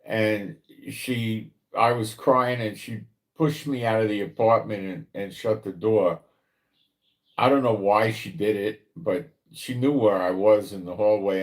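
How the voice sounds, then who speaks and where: Rambling New man, low voice. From New York, the Bronx. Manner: conversational, rambling, asks listener rhetorical questions. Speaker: prophecy commentator, channel host. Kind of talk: religious commentary monologue.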